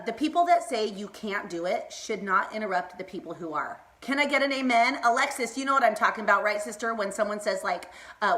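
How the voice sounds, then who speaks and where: A woman in her thirties giving an excitable, casual pep talk on a live stream, laughing often and greeting viewers by name. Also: mid-range voice. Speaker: motivational vlogger hosting a live stream.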